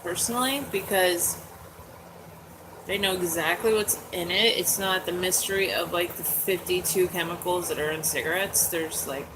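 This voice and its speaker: A woman's voice: lowish voice, normal speed, noisy background. A woman in her forties chatting candidly and casually as host, with many "like"s and "um"s. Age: 40s. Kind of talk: casual chat. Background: dogs nearby.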